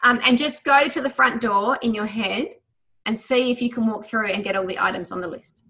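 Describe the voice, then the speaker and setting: A woman teaching a memory exercise over a video call, guiding listeners through a visualization in a quick, enthusiastic, chatty way. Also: fairly high pitch, pushed and bright. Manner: quick, enthusiastic talker who tries to slow down; chatty, with many fillers. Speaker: memory trainer. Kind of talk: guided visualization lesson.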